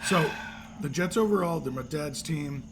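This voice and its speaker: A man's voice: fairly high pitch, a little slow, a little hiss or hum. A man co-hosting a sports talk show, laid-back with wry asides. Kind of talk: casual sports talk chat.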